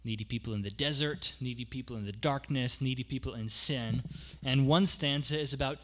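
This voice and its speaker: A man's voice: mid-range voice, a little fast, a bit bright. A man preaching a sermon as pastor, conversational, explaining with asides and repeating key phrases for emphasis.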